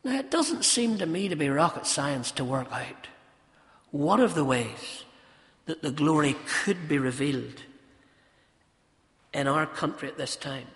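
A man preaching with passion, his raised and bright voice ringing through a reverberant church hall. He swings from ringing emphasis down to hushed, intense asides, pressing rhetorical questions on his listeners. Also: a little high, lively intonation, measured pace, pauses often. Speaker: pastor. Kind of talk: sermon.

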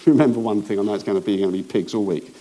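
A man preaching a sermon as pastor, swinging between hushed asides and rising emphasis, with jokey remarks to the congregation. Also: lowish voice, animated, fast.

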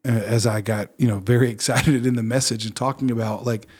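A man's voice: mid-range voice, fairly even intonation, brisk, a little mellow, breathy edge. A man, a pastor, talking in a casual faith podcast with an earnest, reflective manner and frequent fillers and restarts.

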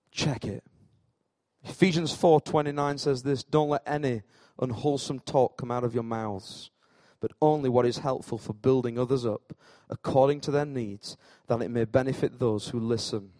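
A male pastor preaching a sermon, swinging between hushed lines and loud, animated peaks, and joking with his congregation by name. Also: mid-range voice, no echo.

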